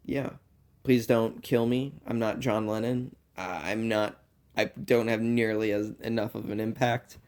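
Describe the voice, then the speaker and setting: A man's voice: on the low side, creaky. Rambling earnest young man's monologue. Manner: earnest, meandering, swinging between loud outbursts and quiet asides. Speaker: university student performer.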